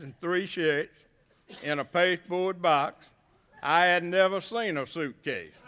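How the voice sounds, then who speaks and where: A man's voice: high-pitched, pushed and bright, smooth. An older man with a rural Southern US accent, giving a banquet acceptance speech as a hall of fame inductee and spinning folksy, humorous stories. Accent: Southern US, rural Gulf Coast area.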